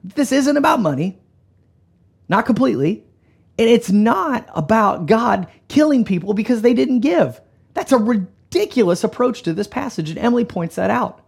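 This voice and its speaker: A man preaching a sermon in an animated, emphatic way, often dropping to a soft, low delivery. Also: moderate pace, creaky, breathy edge. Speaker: pastor.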